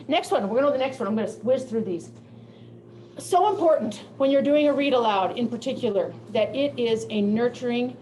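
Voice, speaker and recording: An older woman giving a presentation to teachers, telling classroom stories in a lively way and laughing often. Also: fairly high pitch, a little hiss or hum, rough recording. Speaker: teacher of deaf students. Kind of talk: presentation to educators.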